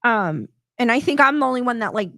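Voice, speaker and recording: A woman's voice: fairly high pitch, animated, a little fast, sharp tone, no room sound, studio quality. A middle-aged woman hosting a casual live stream, chatty and rambling, often restarting her sentences and reading out viewer comments. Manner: reads viewer comments aloud. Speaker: host reading chat comments.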